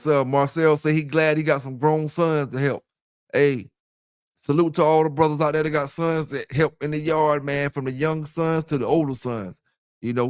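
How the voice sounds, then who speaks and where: A man, talking loosely and at length to his livestream audience. His voice sits in an ordinary middle pitch. The sound is close and dry, picked up by a headset mic. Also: darkish tone, dry recording. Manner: loose, rambling, talks straight to listeners. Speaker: dog kennel channel host. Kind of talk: casual livestream chat. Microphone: headset with earphones.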